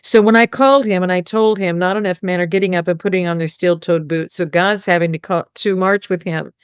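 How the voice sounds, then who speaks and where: A woman's voice: lowish voice, fairly even intonation, fairly quick, clear, resonant tone, no room sound, clean studio sound. A woman hosting a casual spiritual talk, telling a rambling story and quoting others. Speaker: host.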